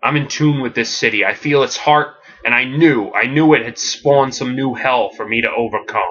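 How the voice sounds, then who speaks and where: A man voicing a brooding masked hero who speaks in a steady, grave way. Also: medium pitch, normal speed, lo-fi sound, slight background noise, close to an everyday voice. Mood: grim. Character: brooding masked male hero, grim and resolute.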